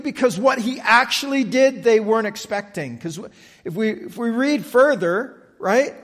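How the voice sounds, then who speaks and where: A man preaching a sermon, slow and emphatic, often checking in with the listeners. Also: very high voice, lively intonation, big-room sound. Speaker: pastor.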